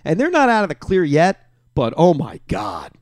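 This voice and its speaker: Euphoric ranting man, lively pitch. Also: normal speed, dry recording. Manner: euphoric, ranting, swings from yelling to hushed. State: short on sleep, late at night. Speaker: podcast host. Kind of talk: excited solo sports reaction.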